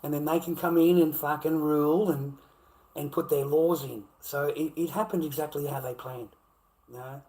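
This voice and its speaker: Australian man, slightly high voice, profane livestream rant, mutters then erupts. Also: steady tone, normal speed, low-quality recording. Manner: swearing constantly, swinging from low mutter to loud outbursts.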